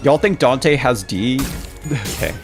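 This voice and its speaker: A man's voice: medium pitch, lively intonation, slow pace, music in the background. Male game streamer, casual, jokey reactions to chat. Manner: joking, reacting to chat, laughing often.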